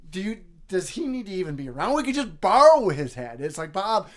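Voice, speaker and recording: A man's voice: high voice, big pitch swings. A man co-hosting a casual comedy chat, rambling with lots of fillers and restarts. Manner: rambling, many fillers and restarts, puts on quick voices. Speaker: podcast co-host.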